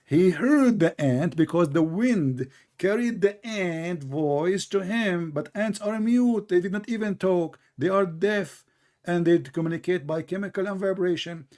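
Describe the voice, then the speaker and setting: Sarcastic, combative man with high-set voice. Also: darkish tone. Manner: sarcastic, combative, non-native English. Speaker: debate host. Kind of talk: mocking religious debate.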